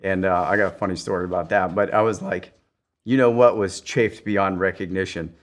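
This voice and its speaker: A man's voice: low voice, fairly quick. A man, a special operations veteran, telling stories casually on a podcast, acting out quotes in raised voices and swearing freely. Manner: animated storyteller who acts out quotes in raised voices. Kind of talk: casual storytelling.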